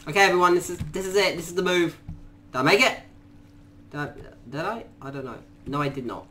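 A man doing let's play commentary, muttering quietly to himself and then bursting into panicked shrieks and swearing. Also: on the high side, fast talker. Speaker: gaming YouTuber.

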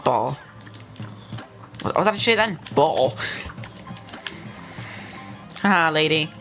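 A young man giving excitable let's-play commentary, talking to the game and to his viewers and bursting into yells. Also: fairly high pitch, takes it slowly, long pauses, soft background music, poor audio. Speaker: gaming channel host.

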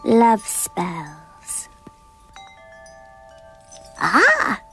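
A woman's voice: mid-range voice, wildly swooping pitch, very slow, fairly bright tone, faint music behind, exaggerated voice. A woman voicing a dreamy, romantic young witch in a cartoon, a little flustered. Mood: wistful. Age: young adult. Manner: flustered, wistful. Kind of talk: animated cartoon voice acting.

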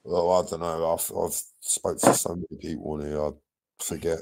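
A man's voice: extremely low pitch, flat delivery, moderate pace, darkish tone. A man hosting a livestream, talking bluntly and swearing a lot. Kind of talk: heated livestream chat.

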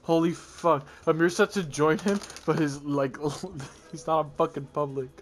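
A man's voice: a little high, moderate pace. A young man in casual gaming voice chat who banters, swears freely and keeps hurrying his friends along. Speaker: gamer in voice chat.

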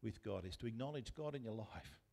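A man's voice: fairly low pitch, lively intonation, brisk, creaky, darkish tone, husky. A man with an Australian accent preaching a sermon as pastor, talking conversationally and putting questions to the congregation. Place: church.

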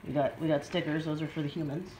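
A woman's voice: sits low, steady tone, fast talker, roomy sound, background noise. A young adult woman chatting to her dog in sing-song baby talk, gasping with delight as she unboxes at home. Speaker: vlogger. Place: home room.

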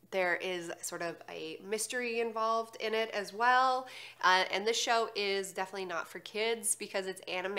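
A woman with a congested, nasal voice chats in a casual, upbeat way as co-host. Her tone is bright and forceful, sitting at an ordinary pitch for a woman. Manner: chatty, upbeat storytelling. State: congested from allergies. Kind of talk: casual chat.

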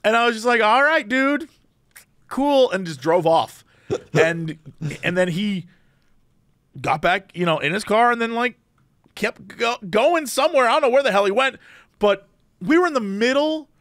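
A man co-hosting a podcast, telling a story in an animated, rambling way and often cutting himself off. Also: high-pitched, normal speed, pauses often, no echo, clean studio sound. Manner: animated, rambling, self-interrupting. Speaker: podcast co-host. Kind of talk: casual storytelling chat.

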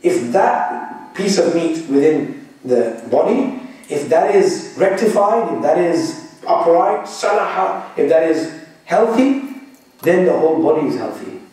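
A man giving a religious lecture, explaining slowly and deliberately and checking that his listeners follow. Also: on the high side, lively intonation, warm tone. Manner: slow, deliberate explaining with audience check-ins. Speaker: Islamic teacher. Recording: echoey room, mic far off.

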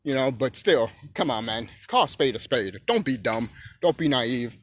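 A man ranting on his own channel in a loose, profane monologue. His voice keeps swinging into emphatic shouting. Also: medium pitch, lively intonation, moderate pace. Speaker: YouTube channel host.

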